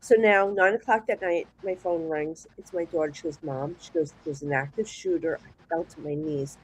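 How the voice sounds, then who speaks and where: A woman's voice: fairly low pitch, moderate pace, slightly rough, rough recording. Chatty New Jersey woman telling stories. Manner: chatty, rambling, animated storyteller with restarts. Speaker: psychic guest. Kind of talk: casual storytelling chat.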